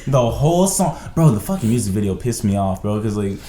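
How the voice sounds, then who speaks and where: A young man in casual podcast chat, animated and packing his talk with "bro" and "like". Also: lowish voice, a little fast, a loud crowd. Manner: animated, filler-heavy, says "bro" and "like" constantly. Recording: echoey room.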